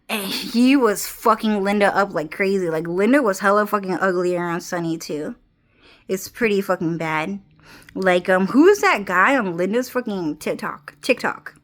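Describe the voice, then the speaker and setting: A young woman rambles into her phone's front camera in a casual vlog, her voice sitting in an ordinary middle pitch. She circles back on her own words again and again, drops swear words freely and laughs between lines. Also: a bit bright. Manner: rambling, swears a lot, restarts and repeats phrases, laughs often. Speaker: vlogger.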